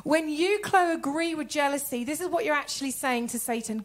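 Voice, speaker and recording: A woman preaching a sermon in a church, telling stories with lively acted-out conversations. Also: high-pitched, brisk. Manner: animated storytelling, acting out conversations in voices.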